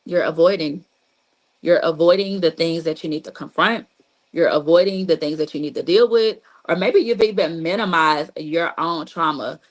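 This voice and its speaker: A woman's voice: deep voice, normal speed, low-quality recording. A woman therapist giving a casual, repetitive teaching talk on trauma healing, speaking straight to listeners and leaning on "you know" and "like". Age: adult with a child.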